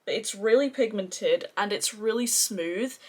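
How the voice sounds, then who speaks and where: A woman's voice: medium pitch, a little slow, a little mellow. A woman with an Australian accent gushes in a chatty, casual makeup review. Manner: gushing, chatty, effusive. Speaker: beauty vlogger.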